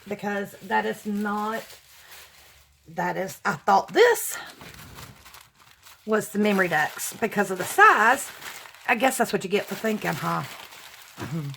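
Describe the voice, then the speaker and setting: Woman, craft vlogger, slow gushing unboxing chat, mid pitch. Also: vocal fry, fairly bright tone. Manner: gushing, exclaiming over each item. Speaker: craft vlogger opening mail.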